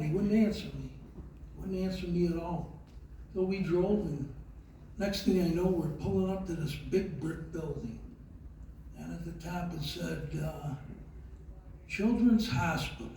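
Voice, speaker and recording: An older man, speaking slowly and haltingly with many fillers as he tells a heartfelt personal story in an award speech. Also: fairly high pitch, warm tone, slight background noise. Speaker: award recipient giving a speech. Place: large event hall. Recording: very echoey hall, voice from far off.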